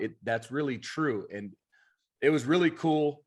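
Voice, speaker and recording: A man who coaches youth baseball and co-hosts the podcast, telling stories in an animated, emphatic way. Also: mid-range voice, normal speed, breathy edge. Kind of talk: casual chat.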